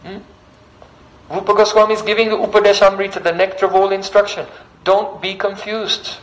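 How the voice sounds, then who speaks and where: A man's voice: high voice, little pitch movement, fairly quick, fairly bright tone, low-quality recording. A man giving a devotional sermon, telling a sacred story, reciting verses and often checking in with listeners with a questioning "hmm?". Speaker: speaker giving a devotional discourse.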